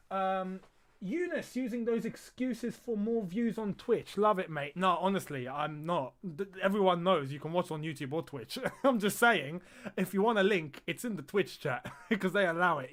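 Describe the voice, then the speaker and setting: A man hosting a live football watch-along, chatting casually and crying out at the action. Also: sits high. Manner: excitable, chatty, quick to laugh and cry out at the action. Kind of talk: live casual match commentary and chat.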